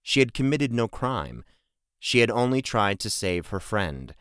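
A man narrating a fantasy audiobook in a measured, steady way. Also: medium pitch, clear, resonant tone, no echo, clean studio sound. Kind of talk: scripted narration.

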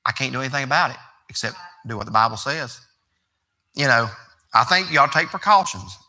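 A man's voice: mid-range voice, expressive, a little fast, pushed and bright. A man, preaching a sermon as pastor in a folksy, conversational way that rises to emphatic preaching.

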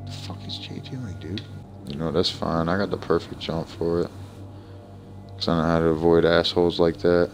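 Profane, combative low-voiced streamer man. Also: flat delivery, moderate pace, darkish tone, soft background music. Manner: profane, confrontational, trash-talking. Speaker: game streamer. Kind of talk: live game-stream rant at chat.

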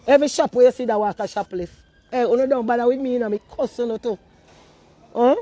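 A woman's voice: a little high, fairly quick, dry recording. Scolding Jamaican woman ranting. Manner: scolding, animated, heavy patois. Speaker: social media personality. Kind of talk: ranting monologue.

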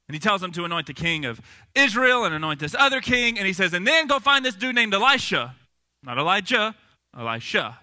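A young man preaching a sermon, retelling a Bible story in a casual, animated way with slang. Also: sits high, brisk. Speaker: pastor.

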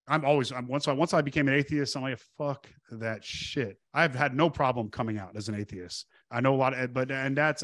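A man's voice: mid-range voice, no echo. Profane, storytelling Texas-raised man. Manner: profane, animated, acts out quoted voices with restarts. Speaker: podcast guest. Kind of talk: casual conversational storytelling.

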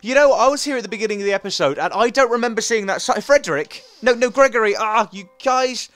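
A man hosting a casual let's play, chatting excitedly to his viewers and his pets. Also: extremely high pitch, fast talker, faint music behind. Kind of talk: casual game commentary.

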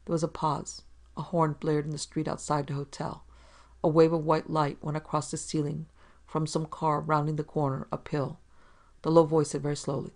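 A podcast narrator reading a 1940s crime story in an even, measured way. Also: mid-range voice, vocal fry.

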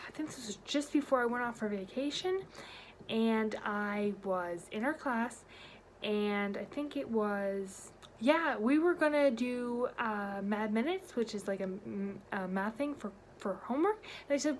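Woman vlogger doing storytime, lively and expressive, kinda high voice, faint noise behind. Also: moderate pace. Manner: animated, expressive storytelling with big pitch swings. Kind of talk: storytime vlog.

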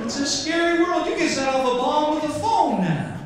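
High, lively man in an echoey theater. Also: moderate pace. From Canada. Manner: animated, jumping into voices and outbursts. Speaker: stand-up comedian. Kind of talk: stand-up comedy set. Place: theater stage before a live audience. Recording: roomy, distant theater sound with audible noise. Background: audience laughter.

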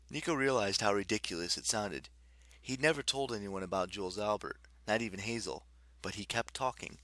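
A man narrating a fantasy novel as an audiobook in a steady storytelling delivery. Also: lowish voice, a little fast, dry recording.

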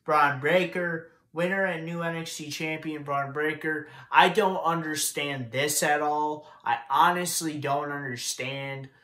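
A man's voice: a little high, steady tone, a little slow, few pauses, bright, forceful tone. A young man giving a casual, profane, frustrated rant while recapping wrestling news. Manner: frustrated, profane, repetitive ranting. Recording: echoey room.

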